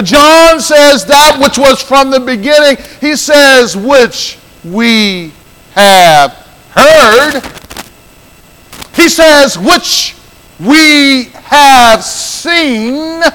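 A man's voice: very high voice, sharp tone, long reverb tail, rough recording. A man preaching a sermon as pastor, emphatic, repeating phrases and calling out to the congregation.

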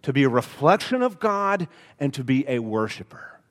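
Here a pastor speaks at medium pitch and normal speed, very animated, his Alabama Southern accent ringing through the sanctuary with a long reverb tail. The sermon is earnest, laced with rhetorical questions and folksy asides.

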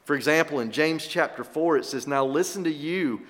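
A middle-aged male pastor preaching a sermon, animated, swinging between loud emphasis and quiet asides. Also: on the high side, moderate pace, long reverb tail.

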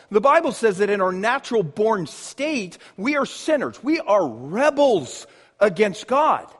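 Male pastor delivering a sermon, unhurried and emphatic, in a reverberant hall. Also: high-pitched. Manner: emphatic preaching with drawn-out pauses.

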